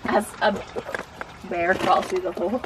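A woman chatting casually outdoors in a snowy park, giving short, quiet replies. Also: lowish voice, fairly even intonation, a little slow, recorded from a distance, noisy background. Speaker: vlogger's companion. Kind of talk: casual chat.

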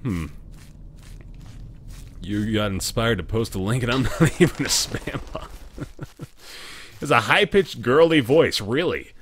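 Speaking slowly in a husky, mid-range voice, a young streamer is animated but pauses often during live let's play commentary. He talks to his viewers and lets out swears and yelps each time danger strikes.

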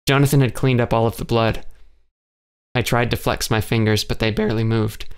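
A man reading a first-person science fiction audiobook in a steady, even storytelling voice. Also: medium pitch, brisk, clean tone. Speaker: audiobook narrator.

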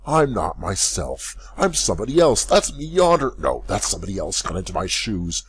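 A man's voice: low voice, sing-song, normal speed, breathy edge, dry recording, full character voice. A man voicing a bewildered old man who has come home after twenty years, in a frantic, rising voice.

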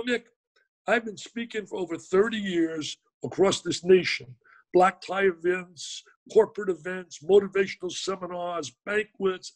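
Excitable, high-voiced older man telling a story. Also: poor audio. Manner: excitable, emphatic, repeats words. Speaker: guest. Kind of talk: animated storytelling in an interview.

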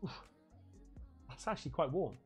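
A man's voice: fairly high pitch, sing-song, moderate pace, breathy edge, soft background music. A man from England chatting casually on a livestream while opening fan gifts, swearing freely and laughing often.

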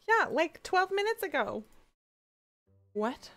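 A woman's voice: sits high, a bit bright. Giggly woman streamer meowing at chat. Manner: giggly, meows between sentences, talks to chat. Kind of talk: casual livestream chat.

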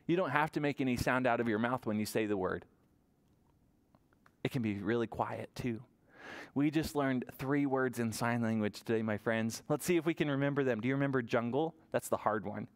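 Animated male children's librarian. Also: medium pitch, fairly quick. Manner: animated, sing-song voice for small children. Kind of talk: virtual toddler story time.

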